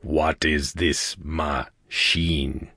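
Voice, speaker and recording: A towering male alien questions his captive in an audiobook. The voice sits at the very bottom of the range, booming and broken, each word dropped slowly and flatly. The sound is dry and close. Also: no room sound, heavily acted. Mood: interrogating. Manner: terse, halting questions. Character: huge male alien warrior, grim. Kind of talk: audiobook character voice.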